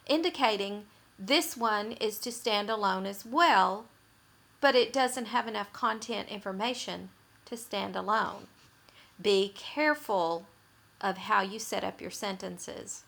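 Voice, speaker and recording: Bright, slow-talking woman writing teacher. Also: on the high side, creaky. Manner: patient, explanatory, repeats points for emphasis. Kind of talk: explaining grammar rules in a recorded lesson.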